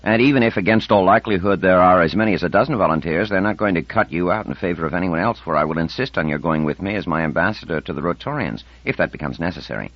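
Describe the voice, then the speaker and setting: A man narrates an audiobook at a quick pace with hardly any pauses, his low-pitched voice portraying a confident, persuasive woman scientist in her fifties with a determined mood. The recording is dull and dry, with no echo.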